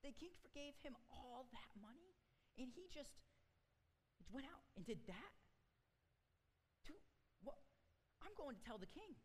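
Man voicing a shocked, gossipy servant, fast high voice, set back from the mic, hall reverb. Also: sing-song, breathy edge, heavily acted. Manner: quick, incredulous, casual slang.

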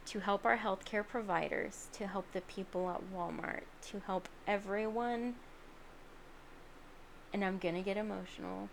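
A woman's voice: mid-range voice, fairly even intonation, moderate pace, creaky, slight background noise. A sleepy woman hosting a late-night solo podcast, talking in an earnest, rambling, self-deprecating way from home. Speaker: podcast host.

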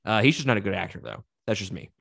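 A man's voice: on the low side, fast talker, creaky, no echo, clean studio sound. A man co-hosting a casual movie review podcast, swearing freely and laughing often. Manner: profane, animated, laughs often. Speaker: podcast co-host.

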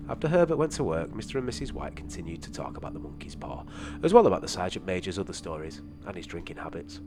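A man reading a short story aloud in a steady, measured way. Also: deep voice, over music.

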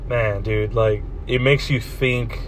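A young man hosts a podcast from a parked vehicle, his medium-pitched voice steady and slow, with a little hiss or hum on the audio. He tells his story casually and profanely, wandering off track and restarting his sentences often.

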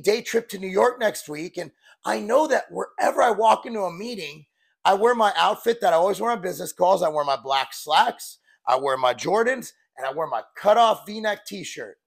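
Gravelly forties guy, fitness coach, high-ish voice, blunt and rambly, swears a bit. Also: lively intonation, moderate pace. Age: 40s. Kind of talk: casual vlog talk.

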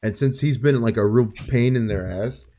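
A man's voice: mid-range voice, normal speed, mellow. A man co-hosting a podcast, chatting casually and enthusiastically about a film, swearing freely as he retells scenes. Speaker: podcast co-host. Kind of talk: casual film review chat.

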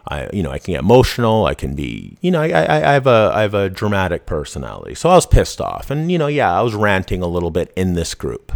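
A man talks through a casual podcast monologue, his voice sitting fairly low. He is blunt and profane and often restarts his sentences. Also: huge pitch swings, fast, gravelly, few pauses. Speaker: podcast host.

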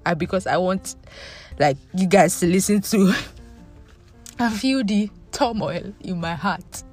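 A woman's voice: medium pitch, slow, a little mellow, faint music behind. A woman hosting a book podcast, chatting in a casual, self-deprecating way with her listeners. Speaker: podcast host.

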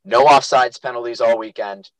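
Young male co-host, lively anecdote teller, dry close sound. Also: mid-range voice, normal speed, no room sound, poor audio. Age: young adult. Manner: animated storyteller, acts out quotes. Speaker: podcast co-host and youth lacrosse coach. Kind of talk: casual chat.

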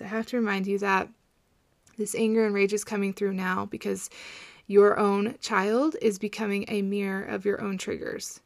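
A woman's voice: medium pitch, creaky, no echo. A woman in her thirties hosting a coaching podcast, talking in an earnest, reassuring way and repeating phrases for emphasis. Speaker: podcast host and postpartum coach. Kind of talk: casual podcast monologue.

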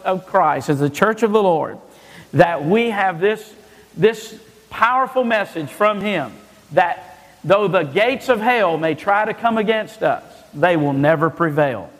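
A male pastor preaches with a high voice and an emphatic delivery, often stumbling and restarting his phrases. His voice rings through a church sanctuary with a long reverb trailing behind it. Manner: emphatic, with frequent stammered restarts. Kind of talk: sermon.

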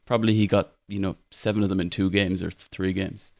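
A man's voice: low-pitched, flat delivery, fairly quick, vocal fry, no room sound. A young Irish man hosting a casual football podcast, chatty with many fillers and restarts, laughing often. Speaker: podcast host.

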